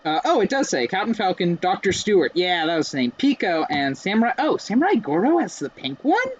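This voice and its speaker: A man's voice: sits high, very animated, fairly quick, muffled recording. A young man giving casual, rambling, self-mocking commentary while playing a racing game. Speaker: let's play streamer.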